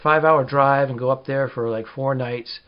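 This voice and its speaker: A man who works as a comedian, chatting on a podcast in a halting way. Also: medium pitch, steady tone, smooth. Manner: halting, full of fillers and restarts. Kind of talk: casual comedy podcast chat. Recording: dull lo-fi sound.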